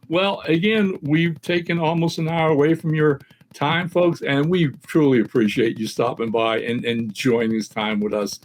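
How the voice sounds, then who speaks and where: A man co-hosting a podcast in a casual, upbeat way, quick to encourage the other host with short affirmations. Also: fairly high pitch, slight background noise. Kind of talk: casual chat.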